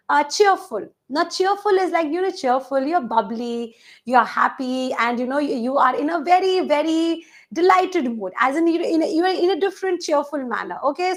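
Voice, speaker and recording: A woman teaching an online English vocabulary class for exam preparation, explaining words through everyday examples and asking the class questions, with a few Hindi words mixed in. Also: high voice.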